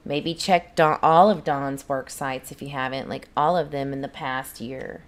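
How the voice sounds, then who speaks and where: A woman's voice: rumbling low, fairly even intonation, a little slow. A woman, hosting a casual livestream and chatting back to viewers' comments in a rambling way. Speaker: channel host.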